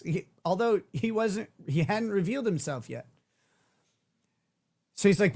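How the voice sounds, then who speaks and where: A man's voice: high voice, lively intonation, measured pace, long pauses, a little mellow. A man hosting a livestream, chatting casually, joking and swearing irreverently. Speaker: host.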